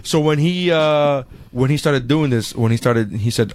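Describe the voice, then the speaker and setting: A man in his thirties talks through a story on a podcast, animated and loose with his swearing. His voice sits in a mid range and sounds dry, close to the mic. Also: mid-range voice, fairly quick, hardly any pauses, dry recording. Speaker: podcast host. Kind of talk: casual chat.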